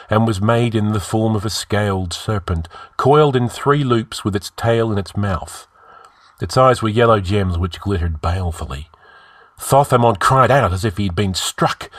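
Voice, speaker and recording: A man reading fantasy fiction aloud, narrating with measured, dramatic pacing. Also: fairly low pitch, no echo, clean studio sound.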